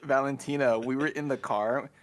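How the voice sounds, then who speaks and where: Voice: mid-range voice, fairly even intonation, moderate pace. A speaker in a casual chat, telling role-play game stories, acting out quoted lines and laughing often.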